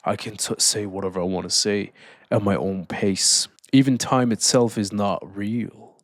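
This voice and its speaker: Guy talking calmly to camera bout confidence, laid back, says man a lot, dead dry room. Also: on the low side, dry recording. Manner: calm, deliberate, slows down for emphasis; casual, says "man" often. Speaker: self-improvement speaker. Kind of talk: motivational talk to camera.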